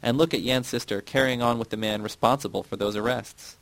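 A loud, indignant woman , as a man reads her in an audiobook. The voice stays gravelly and dry, close to the microphone. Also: mid-range voice, fairly even intonation, fairly quick, dry recording, natural voice.

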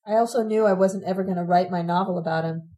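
A woman narrating a first-person memoir in a steady, reflective way. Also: lowish voice, fast talker, rough recording. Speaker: audiobook narrator.

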